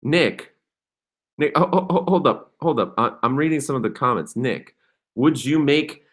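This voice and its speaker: A young man hosting a casual livestream, talking in an excitable, rambling way and reading comments aloud. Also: medium pitch, normal speed. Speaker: crypto livestream host.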